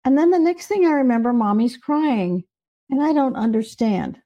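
A woman's voice: high-pitched, lively intonation, normal speed, mellow, lo-fi sound. A woman voicing a plaintive little girl ghost. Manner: plaintive, childlike. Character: sad, angry seven-year-old girl ghost.

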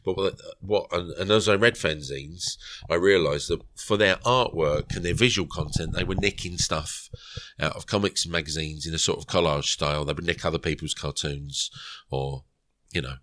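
A man's voice: extremely low pitch, normal speed, fairly bright tone, no echo, clean studio sound. A middle-aged man, a podcast guest, tells a rambling story and acts out the quoted dialogue. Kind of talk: storytelling interview.

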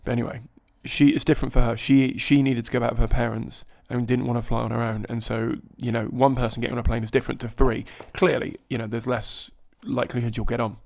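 Man, gravelly, fairly flat delivery, swears freely while spinning a self-mocking story. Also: mid-range voice, fast, hardly any pauses. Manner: animated, profane, self-mocking. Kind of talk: comic anecdote, conversational.

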